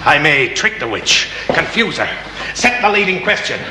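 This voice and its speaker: An actor playing a stern county magistrate who speaks to a jury in a declamatory, questioning manner, from a 1970s television drama. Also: male voice, fairly high pitch, very animated, normal speed, background noise. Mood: defensive. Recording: echoey reverberant old film sound.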